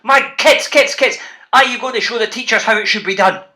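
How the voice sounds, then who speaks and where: Brief: playful Scottish author hosting a kids' reading session, bright and punchy. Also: male voice, extremely high pitch, a little fast. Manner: bouncy, playful, calls out to the kids. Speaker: children's author presenting a reading show. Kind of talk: lively talk to school classes.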